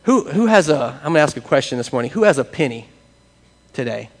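A man preaching a sermon, lively and conversational, talking with his congregation. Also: medium pitch, quick pace, big-room sound. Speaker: pastor. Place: church sanctuary with congregation.

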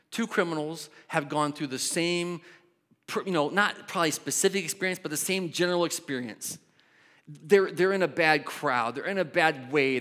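A man preaching a sermon in an animated way, shifting from loud bursts to quiet asides. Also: on the high side. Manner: animated, acts out voices, swings from loud to soft. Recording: long hall reverb.

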